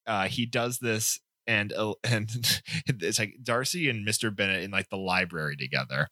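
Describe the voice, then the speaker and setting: A young man co-hosting a casual book-discussion chat, retelling scenes with profanity and quick acted-out quotes. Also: on the low side, pushed and bright, no room sound, studio quality. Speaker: podcast co-host.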